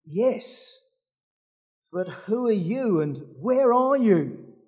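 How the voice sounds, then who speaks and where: A frantic man clinging to a branch over a cliff, put on by a preacher telling a joke. His voice jumps well above normal speech into strained, pleading shouts. The delivery stays slow and drawn out. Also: high voice, very animated, pitched above the performer's own voice, full character voice. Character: panicked man dangling from a cliff.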